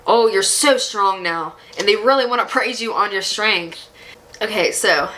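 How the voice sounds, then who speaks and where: A woman's voice: mid-range voice, unhurried, rough recording. A woman giving a psychic tarot reading, talking straight to the viewer in an encouraging way and laughing often. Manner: emotional and animated at times. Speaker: tarot reader.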